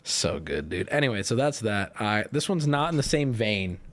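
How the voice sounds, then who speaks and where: A man's voice: lowish voice, sing-song, normal speed, a loud crowd. A man hosting a livestream, chatting casually with his viewers in a rambling, profane way. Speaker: streamer host.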